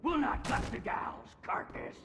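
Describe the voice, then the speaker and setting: An actor playing a menacing male cultist in a horror game, shouting threats. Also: measured pace, noisy background, lightly acted. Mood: threatening. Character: menacing male fish-cult townsman hunting the player. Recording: game audio under music.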